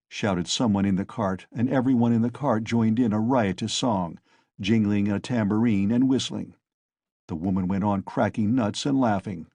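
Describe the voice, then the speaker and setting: Brief: male novel narrator, husky, dry close-mic read, steady pace. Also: lowish voice, normal speed, no echo. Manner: steady storytelling. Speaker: audiobook narrator. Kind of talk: scripted narration.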